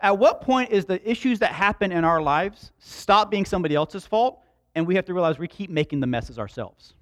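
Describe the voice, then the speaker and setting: A man's voice: high-pitched, expressive, brisk. A man preaching a sermon in a conversational way, with joking asides to the congregation. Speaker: pastor.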